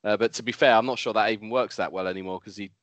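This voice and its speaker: A man's voice: lowish voice, fairly even intonation, racing, a bit bright, dry recording, lo-fi sound. A man hosting a podcast and chatting casually in a rambling way. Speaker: podcast host.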